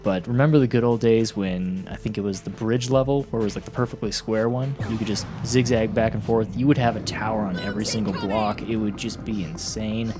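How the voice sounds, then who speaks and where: Low-voiced young man rambling over game music. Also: fairly even intonation, a little fast. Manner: rambling, laughs often, blunt and mocking. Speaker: gaming commentator. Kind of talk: casual gameplay commentary. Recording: music playing behind voice.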